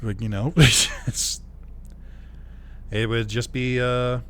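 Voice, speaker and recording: A man's voice: medium pitch, level tone, slow pace, a bit bright, slight background noise. Rambling man streaming a game. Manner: rambling, laughs often, swears casually. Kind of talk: casual gameplay stream commentary.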